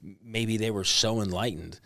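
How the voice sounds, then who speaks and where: A middle-aged man who is a guest on a podcast, chatting in a relaxed way and musing out loud. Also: fairly low pitch, moderate pace, gravelly, no room sound, studio quality. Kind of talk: casual conversation.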